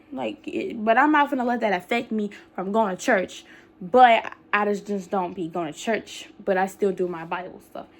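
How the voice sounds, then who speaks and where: Breathless young woman vlogging. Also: medium pitch. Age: young adult. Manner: rambling, many fillers, colloquial speech. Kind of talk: casual talk to camera.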